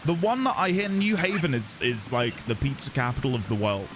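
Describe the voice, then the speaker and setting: Lively chatty British man streaming. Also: medium pitch, background noise. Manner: chatty, self-deprecating, quick to laugh. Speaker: game streamer. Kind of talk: casual live-stream chat.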